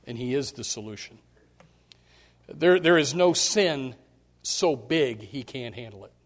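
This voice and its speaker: A man's voice: mid-range voice, expressive, measured pace. A male pastor preaching a sermon, emphatic and direct with the congregation, repeating his key phrases. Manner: speaks straight to the congregation.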